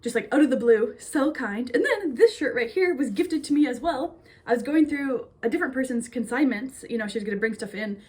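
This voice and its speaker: A woman's voice: high voice, expressive, a little fast, hardly any pauses, a little mellow, husky. A young woman from Minnesota chatting casually and bubbly to her phone camera, rambling with lots of fillers. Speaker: vlogger. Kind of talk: casual chat.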